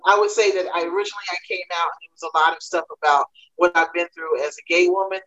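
A woman comedian talking through a panel discussion, telling her story in quick animated bursts. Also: fairly low pitch, dull audio.

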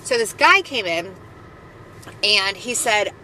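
A woman's voice: mid-range voice, expressive, takes it slowly, bright, forceful tone, slight background noise, low-quality recording. A woman co-hosting a casual podcast, telling a story in a chatty way and laughing often. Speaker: podcast co-host.

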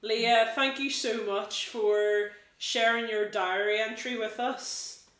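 A woman's voice: on the high side, steady tone, slow, a bit bright. A woman hosting a casual radio show, upbeat and giggly as she interviews a caller. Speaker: host. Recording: roomy studio echo.

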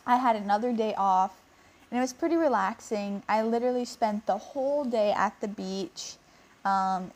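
A young woman giving a chatty, rambling travel update as a podcast co-host. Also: mid-range voice. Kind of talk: casual monologue.

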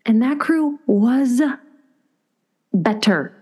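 A woman co-hosting a podcast, chatting casually and telling a travel story with lively acted-out voices for the people in it. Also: a little high, very slow, husky. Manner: animated storyteller acting out quoted voices. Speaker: podcast co-host. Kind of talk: casual chat.

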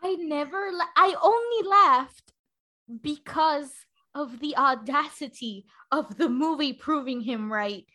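A woman co-hosting a casual movie review chat, animated and profane, switching between English and Spanish. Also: sits high, takes it slowly.

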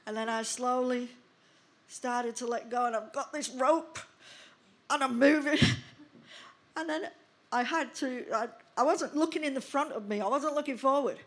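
A woman pastor in her sixties telling a personal testimony in a sermon, with lively storytelling that acts out the scenes. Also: high voice, measured pace, pauses often.

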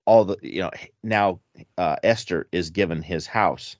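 Low voiced guy musing through a bible study chat, stops and restarts a lot, dull dry lo-fi sound. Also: a little slow, no room sound. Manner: thinking aloud, hesitant, many restarts. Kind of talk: casual Bible study discussion.

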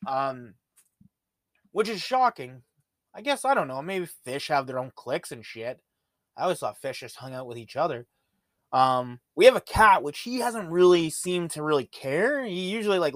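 A man's voice: fairly high pitch, sing-song, normal speed, fairly bright tone, no echo, studio quality. A man hosting a podcast, rambling through casual, profane stories in a laid-back way. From Ontario, Canada. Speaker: podcast host. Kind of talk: casual monologue.

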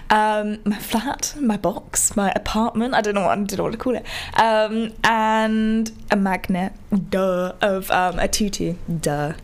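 Chatty young woman reviewing. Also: medium pitch. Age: young adult. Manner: chatty and rambling, with many ums and restarts. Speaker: podcast host and theatre reviewer. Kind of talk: casual spoken review.

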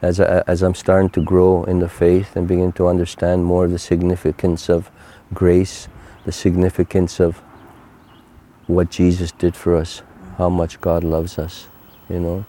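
A man's voice: deep voice, completely flat delivery, warm tone. An older man, telling his own faith testimony in an earnest, heartfelt way. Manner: earnest, heartfelt, unhurried storytelling. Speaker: interview guest.

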